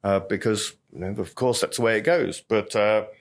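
Guy, middle-aged, bar veteran telling long stories, lots of "you know", lowish voice. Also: moderate pace. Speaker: veteran bartender and guest. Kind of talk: storytelling interview talk.

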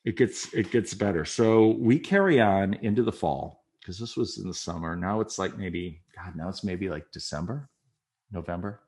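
In a low voice at a moderate pace, a middle-aged man tells a listener an anecdote from his own life. The storyteller guest is frank and pokes fun at himself with laughter, animatedly acting out the other people in the story.

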